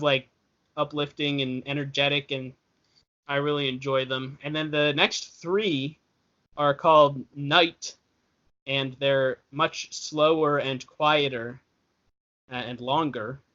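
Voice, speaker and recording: A man's voice: a little high, fairly even intonation, takes it slowly, bright, forceful tone. A young man co-hosting a casual podcast, chatting in a rambling way and correcting himself as he goes. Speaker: podcast co-host. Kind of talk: casual chat. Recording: dull lo-fi podcast audio.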